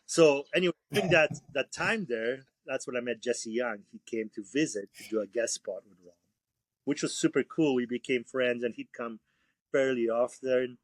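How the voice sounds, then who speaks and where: A man's voice: mid-range voice, moderate pace, dry recording. Laid-back, foul-mouthed man telling stories. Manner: laid-back, profane, rambling. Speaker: tattoo artist guest. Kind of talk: casual storytelling interview.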